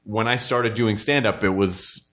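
A man hosting a podcast, chatting in an animated, rambling way. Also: lowish voice, unhurried. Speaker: podcast host. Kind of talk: casual conversation.

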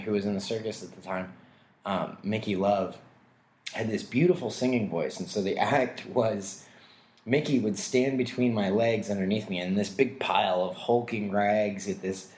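A man, a comedian guest, telling rambling, self-mocking stories about his past and laughing often. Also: on the low side. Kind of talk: casual storytelling interview. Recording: roomy echo.

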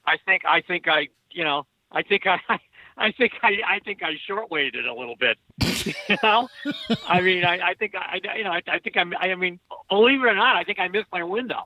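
A man's voice: high voice, expressive, sharp tone, dry recording. Man on a dull lo-fi line. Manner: halting, repeats words, laughs often. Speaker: author and guest. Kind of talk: casual conversation.

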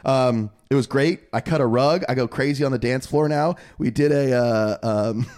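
A man's voice: mid-range voice, normal speed, a little mellow. A young man co-hosting a podcast, chatting casually and laughing often at himself as he tells stories. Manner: laughs often, self-deprecating storyteller. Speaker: podcast co-host. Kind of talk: casual chat.

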